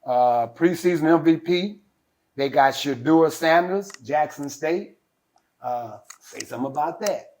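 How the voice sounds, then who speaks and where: A man's voice: a little high, measured pace, darkish tone, slight background noise. A male host of a sports podcast, reading out player lists in a casual, talky way with lots of fillers and opinionated asides.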